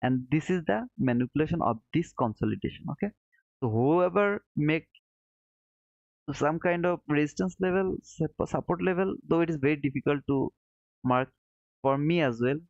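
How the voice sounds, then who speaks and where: A man with a slightly high, gravelly voice runs a live trading lesson, talking through his chart as he marks it. He chats warmly with viewers, calling each one brother. The sound is dry and a bit dull, like a lo-fi mic. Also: normal speed, no room sound. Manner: friendly, calls viewers brother, thinks aloud while charting. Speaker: trading stream host. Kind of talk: live trading commentary reading chat.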